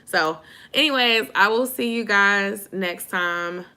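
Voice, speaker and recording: A woman's voice: medium pitch, takes it slowly, bright, forceful tone, clear, resonant tone. A young woman chatting casually with viewers on a late live stream, sleepy and informal, calling them y'all. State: sleepy, yawning. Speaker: YouTube vlogger on a live stream.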